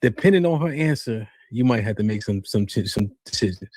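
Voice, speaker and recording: A man's voice: fairly low pitch, animated, a little fast, darkish tone, no room sound, studio quality. Insistent man pressing a guest with questions. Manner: presses the guest with repeated questions and stumbling restarts. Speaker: podcast host questioning a guest. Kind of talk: debate on a podcast panel.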